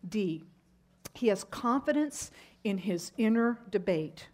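A woman's voice: mid-range voice, lively intonation, measured pace, darkish tone. A middle-aged woman teaching a Bible lesson, telling a personal story in a conversational way with fillers and asides.

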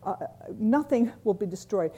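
A woman teaching a Bible class in a warm, mellow voice. She talks earnestly and leans on repetition, saying key lines twice for emphasis. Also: mid-range voice, animated, moderate pace, breathy edge. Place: church classroom.

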